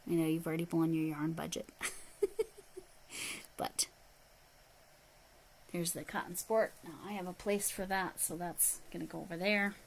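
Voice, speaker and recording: A woman's voice: lowish voice, little pitch movement, moderate pace, gravelly, long pauses, slight background noise, poor audio. A middle-aged woman chatting casually on a livestream. She talks straight to her viewers, reads their comments aloud and thanks them, all while handling and describing yarn. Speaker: livestream host.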